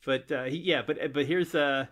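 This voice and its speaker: A man's voice: fairly high pitch, fairly even intonation, normal speed, fairly bright tone. A man co-hosting a podcast in casual chat, talking in a hesitant way with many fillers and repeats and frequent laughs. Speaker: podcast co-host.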